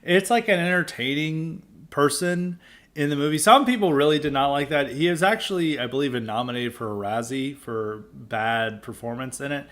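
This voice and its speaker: A man's voice: fairly high pitch, normal speed, a bit bright. Rambling, blunt male podcast host. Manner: rambling, full of "like" and restarts; dismissive and blunt. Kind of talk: opinionated podcast monologue.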